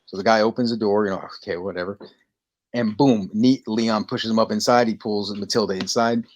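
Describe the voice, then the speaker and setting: A man co-hosting a casual podcast, telling stories with lively energy and acting out lines in quick bursts. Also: on the low side, highs cut off. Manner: animated storytelling, acting out movie lines. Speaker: podcast co-host. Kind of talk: casual chat.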